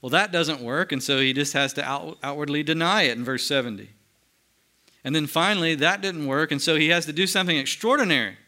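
A man preaching a sermon, moving between lively emphasis and hushed, slow solemn passages. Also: fairly high pitch. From United States. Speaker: pastor.

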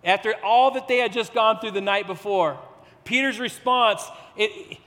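High bright-voiced male preacher. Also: moderate pace, long reverb tail. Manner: conversational, storytelling, acts out quotes. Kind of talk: sermon.

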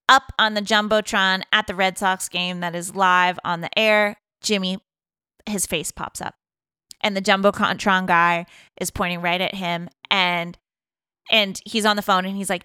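Bright, chatty woman podcaster. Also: mid-range voice, fairly even intonation, normal speed, smooth, dry recording, studio quality. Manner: chatty, rambling, lots of fillers. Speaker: podcast co-host recapping a film. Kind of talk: casual chat.

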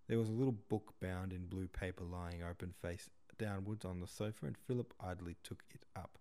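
Male audiobook narrator, steady and measured, deep and mellow. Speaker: podcast host reading a novel.

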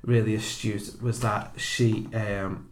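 A man co-hosting a casual film review chat, chatty and quick to laugh. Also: on the low side, flat delivery. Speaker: podcast co-host.

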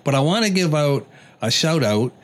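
An older man hosting a podcast, telling stories in a plain, unhurried way during casual chat. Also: a little high, lively intonation, a little hiss or hum. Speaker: podcast host.

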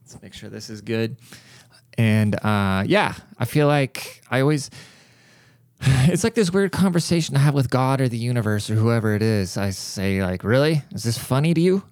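A man's voice: medium pitch, moderate pace, darkish tone, no echo, clean studio sound. Rambling, profane man podcasting. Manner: rambling, profane, jokey storyteller. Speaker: podcast host. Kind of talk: casual solo podcast monologue. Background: cat crying at times.

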